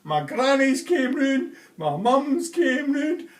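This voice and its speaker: A man's voice: medium pitch, lively intonation, normal speed, fairly bright tone. A man voicing a heartbroken, lonely customer in a joke, talking in a broad, chatty way; a roomy, distant home video. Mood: frantic.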